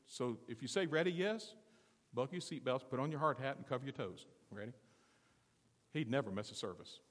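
A man's voice: medium pitch, lively intonation, a little fast. Man preaching in a church hall. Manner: preaching with call-and-response questions, swinging from quiet to loud. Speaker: pastor. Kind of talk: sermon. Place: church sanctuary.

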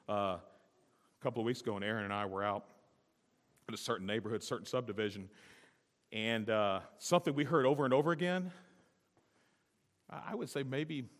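A man preaching a sermon as a pastor, talking emphatically and building to loud, high exhortation. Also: in a large hall. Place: church sanctuary.

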